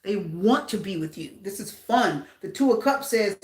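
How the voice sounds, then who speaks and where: The clip is reverberant, with a tarot reader speaking at normal speed in a mid-range voice. Casual and animated, she addresses viewers head-on and echoes her own phrases for emphasis.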